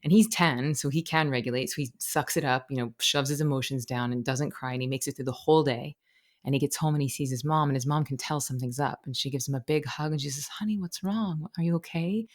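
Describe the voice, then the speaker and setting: A woman's voice: a bass voice, fairly even intonation, fast talker. A woman speaking as a podcast guest and meditation teacher, explaining ideas expressively through analogies and stories. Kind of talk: conversational interview.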